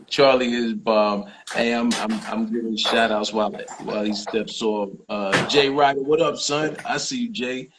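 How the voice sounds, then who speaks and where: Man, podcast host, excitable, stumbling, medium-low pitch. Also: a little slow, background noise. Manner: excitable, stumbling restarts, shout-outs to viewers. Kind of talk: casual livestream chat.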